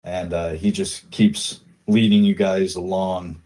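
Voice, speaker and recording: A man running a tabletop game as game master, calmly describing scenes and directing players. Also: low voice, slow pace, rough recording.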